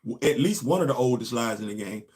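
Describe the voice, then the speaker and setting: A man's voice: medium pitch, expressive, fast, a little mellow. A man, a show host and former Marine, telling a long casual story and asking his listeners rhetorical questions.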